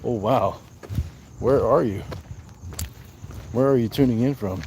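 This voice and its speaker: A man hosting a casual livestream on a night walk, greeting viewers by name and answering their comments in a relaxed way. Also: mid-range voice, a little slow, a little hiss or hum. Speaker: livestream host.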